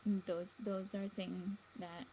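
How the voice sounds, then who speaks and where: A woman's voice: mid-range voice, level tone, slow pace, warm tone, a little hiss or hum, low-quality recording. A woman hosting a show in a meandering casual monologue, chuckling between thoughts. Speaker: livestream show host.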